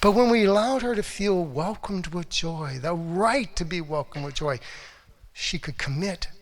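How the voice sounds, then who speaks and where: A middle-aged man speaking as a relationship coach, with a voice that sits a little above most men's. He tells stories with lots of energy, acting out quotes, sometimes dropping to a hush and sometimes getting loud. It sounds like a motivational talk given to an audience. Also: high-pitched, measured pace. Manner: animated storytelling, acts out quotes, swings from hushed to loud.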